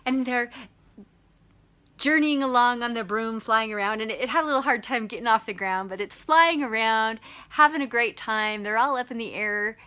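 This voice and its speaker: A woman hosting a short video, retelling a children's story in an animated, chatty way. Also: fairly high pitch, moderate pace. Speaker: host.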